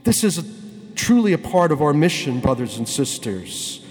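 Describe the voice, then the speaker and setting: Priest preaching in an echoing church. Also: male voice, on the high side, very animated, darkish tone, soft background music. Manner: storytelling, slowing down and stretching words for emphasis. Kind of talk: sermon.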